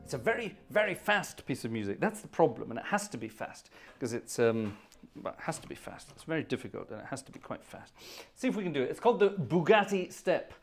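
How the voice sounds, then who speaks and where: A man's voice: fairly high pitch, sing-song, a little fast. A man hosting a live organ music stream, chatting casually and rambling between tunes, humming melodies aloud and reading viewer requests.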